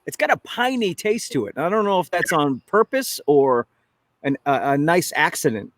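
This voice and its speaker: A man's voice: fairly high pitch, big pitch swings, normal speed, fairly bright tone, dry recording, studio quality. Chatty New man hosting. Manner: chatty, rambling, self-correcting. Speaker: show host. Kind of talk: casual chat over drinks.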